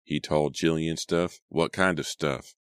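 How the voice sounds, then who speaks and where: A serious, solemn teenage boy, voiced by a male reader, talking in a slow, measured way. The voice is very deep and the sound dry and close. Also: steady tone, clear, resonant tone, no echo.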